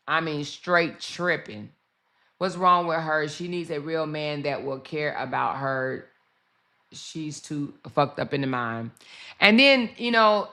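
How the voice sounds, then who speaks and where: Bright-voiced chatty woman livestreamer. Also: low-pitched. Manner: chatty, animated, talks to her chat directly; laughs often while talking. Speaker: livestream commentary host. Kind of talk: casual livestream commentary.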